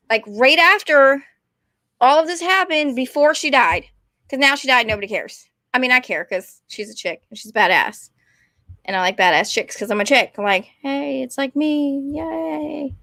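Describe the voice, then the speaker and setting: A woman, rambling and animated as she chats casually to her stream viewers. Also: high-pitched, dry recording, clean studio sound. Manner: rambling, animated, talks to chat. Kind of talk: casual ranting chat to viewers.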